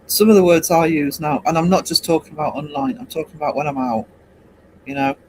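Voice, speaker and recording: An English man in his fifties hosting a casual late-night livestream, rambling and hesitant with many pauses. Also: fairly high pitch, slight background noise, rough recording. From England. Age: 50s. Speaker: livestream host.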